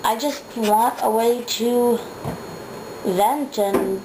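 A woman's voice: a little high, drawn-out words, background noise. A nineteen-year-old woman rambling through a casual video diary at home, swearing freely and wandering off on tangents. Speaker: vlogger. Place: home, indoors.

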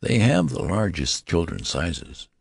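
A matter-of-fact shop clerk, voiced by a man reading an audiobook, asks questions in a slightly raised, gravelly voice. The sound is dry and close. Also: low voice, sing-song, unhurried, no room sound, heavily acted.

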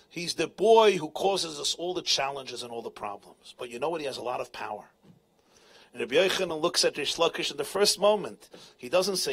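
A rabbi tells a story to a live crowd in a bright, husky voice that rides high and swings widely. He acts out the characters with animated delivery and drops Hebrew and Yiddish terms into his speech. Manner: animated storyteller, acting out voices, laughing often. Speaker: rabbi and speaker. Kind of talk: storytelling talk at a live event. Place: event tent.

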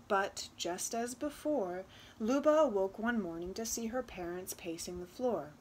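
A woman reading a children's storybook aloud, expressive and unhurried. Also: mid-range voice, breathy edge. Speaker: children's book reader.

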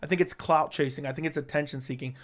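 A man's voice: fairly high pitch, steady tone, quick pace. A man chatting on a livestream in a blunt, outspoken way, his voice strained and worn from too much talking. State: strained, tiring voice. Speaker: MMA commentary streamer. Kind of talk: casual livestream chat.

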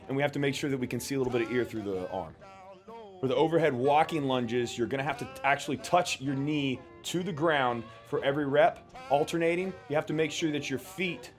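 A man coach explaining workout standards for a fitness competition in a steady, instructional way. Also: mid-range voice.

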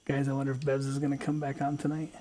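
A man's voice: mid-range voice, monotone, fast, dark tone, a little hiss or hum. A man streaming a fishing game, chatting casually, joking and swearing freely. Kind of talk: casual live-stream chat.

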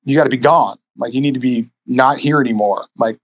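A man telling stories casually on a podcast as a guest, animated and profane, acting out the people in his stories. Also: medium pitch, brisk. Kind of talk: casual storytelling.

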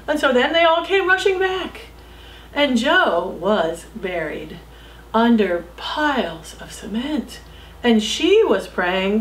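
A fairly high-voiced woman narrates a children's story with lively, dramatic shifts, swinging from loud calls down to soft whispers. The room around her is echoey. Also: slow.

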